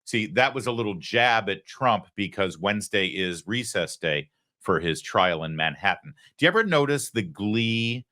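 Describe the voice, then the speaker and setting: A man's voice: fairly low pitch, expressive, moderate pace, pushed and bright. A man hosting a political commentary show, talking in an emphatic, sarcastic way.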